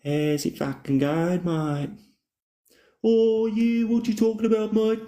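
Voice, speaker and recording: A man voicing an exaggerated, loud Australian bloke who greets people boisterously and swears. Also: sits high, fairly even intonation, slow pace, pitched above the performer's own voice. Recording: roomy echoey room.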